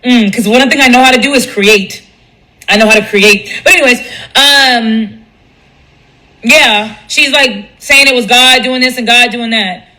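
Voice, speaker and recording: Woman, blunt and profane live-stream ranter, bright tone. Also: on the high side, measured pace, rough recording. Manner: blunt, profane, animated, mimics others in quotes. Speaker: commentator speaking on a live stream. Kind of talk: candid monologue on a live stream.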